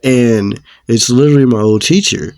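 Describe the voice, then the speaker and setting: Young man, casual storytime, slangy and laid-back, low gravelly voice, dry sound. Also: steady tone, normal speed, dry recording. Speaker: storyteller vlogger.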